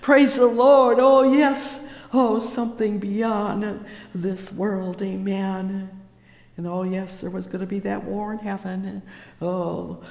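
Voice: medium pitch, creaky, darkish tone. A preacher giving a fervent sermon, reading old-fashioned scripture and exclaiming praise between lines. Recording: echoey hall.

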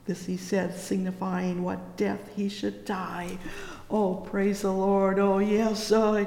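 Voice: mid-range voice, a little mellow. A preacher giving a fervent sermon, reading old-fashioned scripture and exclaiming praise between lines. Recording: echoey hall.

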